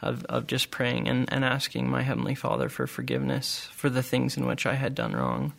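Earnest gravelly man giving testimony. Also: mid-range voice, animated, a bit bright. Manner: earnest, halting, many restarts and pauses. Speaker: group member sharing testimony. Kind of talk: personal testimony.

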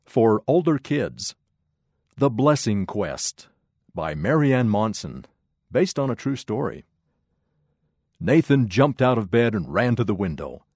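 Lively low-voiced male storyteller. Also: takes it slowly, long pauses, breathy edge, dry recording, studio quality. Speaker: narrator. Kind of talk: storybook narration.

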